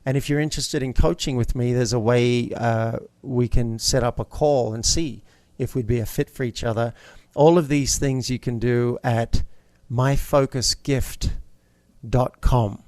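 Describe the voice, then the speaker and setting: A man's voice: medium pitch, fairly even intonation, normal speed, a little mellow, no echo. Upbeat man coaching in interview. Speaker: guest, coach. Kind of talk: casual interview talk.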